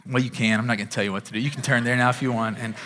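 In a church sanctuary with the long reverb of a large hall, a male pastor preaches a sermon conversationally, frequently restarting his sentences. His mid-range voice is steady and fairly bright, and he speaks very fast.

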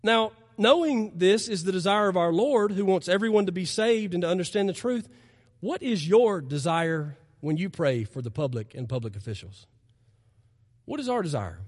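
A man's voice: high-pitched, lively intonation, normal speed, long reverb tail. A man preaching a sermon as pastor, earnest and emphatic, his voice rising in impassioned stretches, recorded in a church sanctuary.

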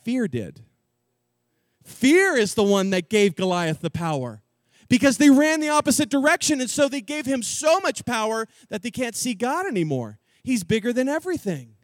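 A male preacher telling a story in an animated, jokey, slangy sermon style. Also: very high voice, normal speed, no echo, clean studio sound.

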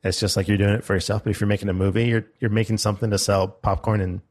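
A man's voice: on the low side, level tone, rapid-fire. A young man in casual chat, telling a story about a seminar he went to. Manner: storytelling, quoting a loud instructor in his telling.

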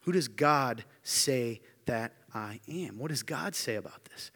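A man's voice: expressive, measured pace, slightly rough. A man preaching a sermon to his congregation, emphatic and often asking the room rhetorical questions. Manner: emphatic, building to loud high-pitched intensity. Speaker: pastor. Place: church hall. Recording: long hall reverb.

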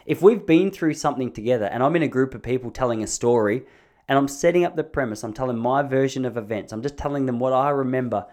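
A man talks through a casual comedic podcast monologue from his home studio. He rambles and restarts his sentences as he pokes fun at himself. His voice sits at an ordinary middle pitch. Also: fast talker, a little mellow. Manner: rambling, self-mocking storytelling with frequent restarts. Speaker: podcast host.

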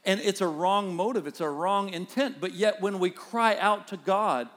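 A man with a high voice preaches a sermon, earnest and conversational. He talks straight to his listeners and tells stories along the way. His delivery is that of a pastor addressing a congregation. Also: moderate pace, a bit bright. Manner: storytelling, acts out a child's voice and quoted speech.

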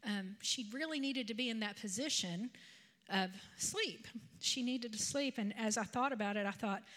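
Bright-voiced woman preacher in her fifties. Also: a little high, moderate pace. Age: 50s. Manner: conversational, animated storytelling with asides. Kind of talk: sermon with personal storytelling.

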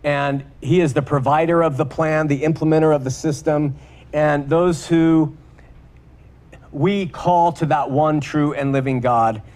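A man preaching a sermon, emphatic, repeating words for stress and slowing down on key points. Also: a little high.

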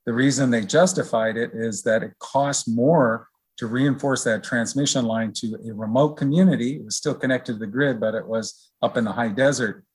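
A middle-aged man as an interview guest, explaining in a relaxed, rambling way with many fillers. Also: mid-range voice, moderate pace, breathy edge. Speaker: research director guest. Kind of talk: conversational interview.

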